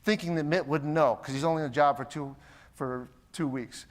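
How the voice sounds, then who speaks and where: A slightly high-voiced American man talks a little fast as he delivers a motivational keynote. Long conference-hall reverb surrounds his animated anecdotes, in which he voices each quoted person himself.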